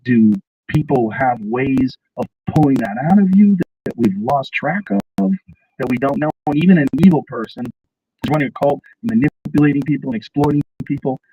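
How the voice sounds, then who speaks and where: A man's voice: mid-range voice, moderate pace, mellow, distant mic, highs cut off. Thoughtful man a bit off-mic. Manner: thoughtful, questioning. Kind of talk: casual conversation. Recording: voice a bit off-mic, faint noise.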